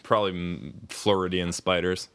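A low-pitched man talks loosely on a podcast, wandering through his thoughts with plenty of swearing and bursts of laughter. His voice has a bright, forceful edge. It comes across smooth and resonant. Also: flat delivery, normal speed. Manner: rambling, swears often, laughs mid-sentence. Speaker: podcast co-host. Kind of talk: casual chat.

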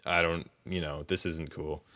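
A man's voice: extremely low pitch, flat delivery, normal speed, very noisy. A man co-hosting a podcast in casual chat, rambling, swearing often and laughing mid-sentence. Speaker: podcast co-host.

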